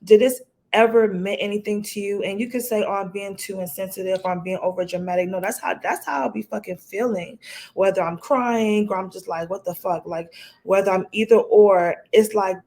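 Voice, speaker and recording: A woman co-hosting a podcast, talking bluntly and with animation and swearing freely. Her voice sits at a medium pitch in relaxed conversation. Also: moderate pace. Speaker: podcast co-host. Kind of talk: casual chat.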